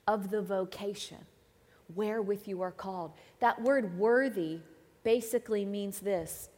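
A woman guest preacher delivering a conversational sermon, swinging between emphatic lines and hushed asides. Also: medium pitch. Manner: conversational, dramatic shifts between loud and hushed. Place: church sanctuary. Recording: long hall reverb.

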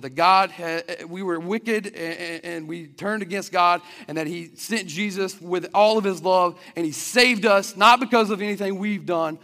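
Here a high, slightly bright male voice delivers an earnest, conversational sermon. He often begins his sentences over, and the recording carries the long reverb of a hall.

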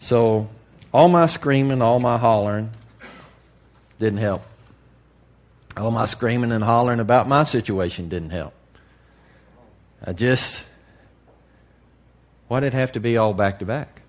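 A man preaching to a congregation in a candid, folksy way, dropping to a hush and then rising to loud emphasis. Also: fairly low pitch, measured pace, pauses often. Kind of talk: sermon.

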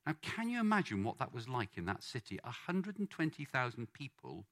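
A man's voice: medium pitch, fairly quick. A man preaching a sermon, playfully coaxing the congregation to join in. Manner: lively, playful, coaxing the crowd.

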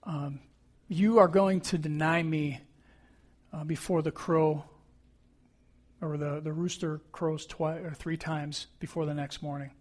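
A man voicing Jesus as a calm man who speaks softly and gently. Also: a little high, a little slow, long pauses. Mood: gentle. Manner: soft, quiet.

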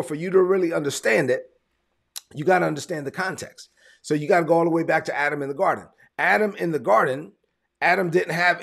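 A man preaching a sermon in a conversational, emphatic way, repeating his points, with a gravelly, husky voice. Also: fairly high pitch. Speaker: pastor.

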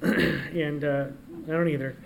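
A man preaching a sermon as pastor. He moves from quiet asides to loud, emphatic declarations and reads scripture aloud. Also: a little high, steady tone, slow pace, gravelly, a little hiss or hum.

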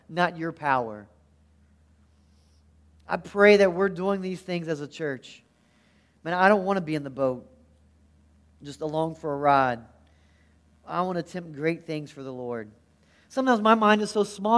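A man preaching a sermon as pastor, earnest and animated, often restarting his phrases. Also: high-pitched.

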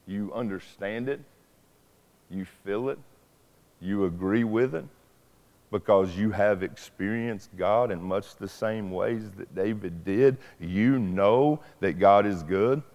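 A man's voice: lowish voice, darkish tone. A middle-aged man, preaching a sermon in an earnest, personal, conversational way. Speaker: pastor. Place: church sanctuary. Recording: long church reverb.

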